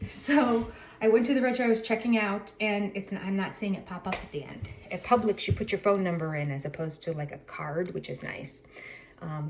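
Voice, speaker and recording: A woman's voice: fairly low pitch, slight background noise, poor audio. A middle-aged woman chatting casually in a vlog, telling a rambling story and correcting herself as she goes. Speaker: vlogger. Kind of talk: casual chat.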